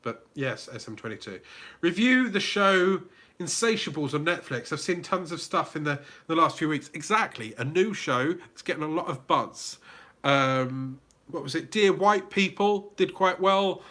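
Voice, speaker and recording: A man's voice: on the high side, lively intonation, normal speed, sharp tone. A man with a British accent hosting a YouTube livestream Q&A, reading out viewers' comments and greeting them by name in a chatty way. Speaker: YouTube channel host.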